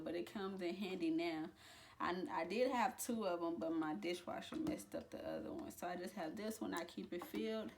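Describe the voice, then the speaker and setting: A young woman talking casually to camera in a vlog, chatty and relaxed, with frequent fillers and restarts. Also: on the low side, noisy background. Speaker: vlogger. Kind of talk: casual pregnancy update vlog.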